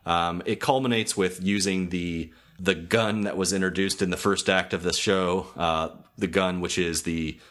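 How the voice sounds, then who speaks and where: A low-pitched young man talking through a cartoon episode in casual podcast chat. He hedges with ums, restarts his sentences and breaks into chuckles. His delivery is loose and unscripted. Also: steady tone, normal speed, hardly any pauses, a bit bright. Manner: hesitant, many ums, laughs often. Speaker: podcast host.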